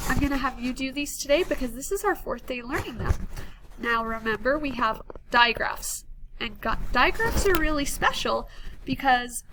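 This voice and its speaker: A woman teaching a phonics lesson to first graders, speaking slowly and clearly with encouraging, counted cues. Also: high voice, noisy background. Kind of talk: recorded phonics lesson for young children.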